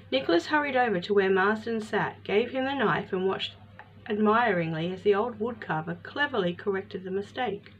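A woman narrating a storybook tale in an expressive, measured way. Her voice sits in a middle pitch. The recording is slightly muffled, with a faint hiss beneath.

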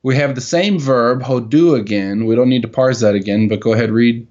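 A man's voice: mid-range voice, brisk, darkish tone, lo-fi sound. Exacting man teaching Hebrew. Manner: questioning, exacting, jokey. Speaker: teacher leading a Hebrew reading session. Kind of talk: casual teaching dialogue.

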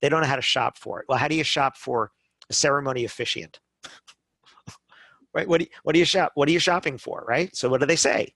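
A middle-aged man talking as a podcast guest, telling lively stories, acting out customers and often checking in with "right?". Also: medium pitch, fairly quick, dry recording. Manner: animated storytelling, acts out customers, frequent "right?" tags. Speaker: guest speaker on wedding business. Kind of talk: conversational podcast talk.

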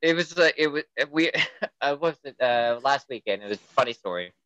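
A man's voice: mid-range voice, normal speed, smooth, no room sound, muffled recording. A man casually telling a funny story about his teenage daughter, full of "like" fillers. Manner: animated storyteller, lots of "like" fillers. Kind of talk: casual chat.

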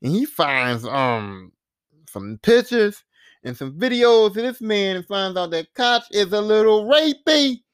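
High-voiced man recapping a TV episode. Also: measured pace, clear, resonant tone, no echo, clean studio sound. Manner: animated, profane storytelling. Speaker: podcast host.

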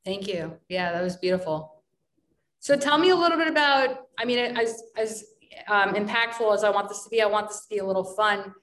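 A woman's voice: mid-range voice, fairly quick, fairly bright tone. Woman host in an echoey room. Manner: friendly, asks rambling questions. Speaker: podcast host. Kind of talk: casual interview questions.

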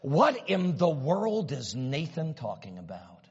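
A man preaches a sermon in a high, husky voice, telling the story with big dramatic swings between quiet murmurs and ringing peaks. His voice carries a long reverb in a church hall, and the recording sounds a little dull. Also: huge pitch swings, slow pace. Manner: dramatic storytelling, swinging from hushed low lines to loud high exclamations.

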